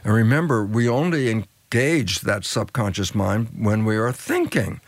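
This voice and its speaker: An older man, a biologist guest in an interview, explaining ideas with lively storytelling and acted-out dialogue. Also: measured pace, no room sound. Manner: acts out quoted dialogue, swings pitch widely for emphasis.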